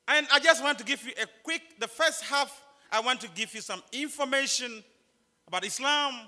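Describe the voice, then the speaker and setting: High bright-voiced Ghanaian preacher man. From northern Ghana. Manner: emphatic, repeats key points, jokes with the audience. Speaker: conference speaker. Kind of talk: preaching lecture to students. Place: large chapel. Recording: long chapel reverb.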